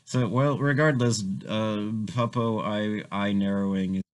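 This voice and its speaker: Low-voiced man rambling over game rules. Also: steady tone, low-quality recording. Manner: rambling, halting restarts. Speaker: player. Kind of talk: casual tabletop game chat.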